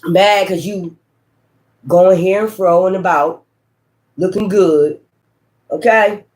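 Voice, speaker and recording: A man with a high voice gives a loose, profane spiritual reading. He speaks straight to his viewers with emphasis and keeps tossing in "right?" and "okay?" as he goes. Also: a little mellow. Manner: frequent rhetorical tag questions. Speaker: tarot reader.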